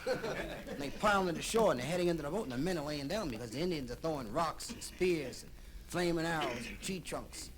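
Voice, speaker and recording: Comedian guy telling a story, high voice, bouncy, hissy old record. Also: a little fast. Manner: animated, jumps between put-on voices. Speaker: stand-up comedian. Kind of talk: stand-up storytelling. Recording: crackly vinyl rip of a live comedy album.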